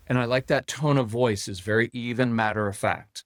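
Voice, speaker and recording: Middle-aged man, parenting coach, animated storytelling, dry close mic. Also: on the low side, fairly quick, hardly any pauses, no room sound. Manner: animated storyteller acting out parent and child quotes. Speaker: podcast guest, parenting coach. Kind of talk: conversational interview.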